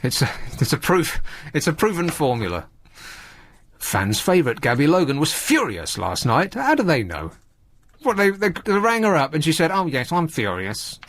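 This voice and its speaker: A man's voice: on the high side, huge pitch swings, normal speed, a bit bright, a little hiss or hum. A man hosting a radio show, talking in a casual comic monologue full of sarcastic, mocking asides. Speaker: radio host.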